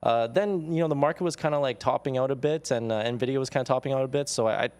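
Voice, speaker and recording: Man, casual trade recap, excited, resonant voice, lots of fillers. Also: medium pitch, fast talker. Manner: excited, filler-heavy, says "like" a lot. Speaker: day trader on a trading show. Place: trading floor studio.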